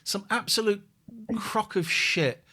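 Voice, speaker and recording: A middle-aged man, hosting a casual chat and talking in an animated, exclamatory way with plenty of swearing. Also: high voice, slow pace. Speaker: host.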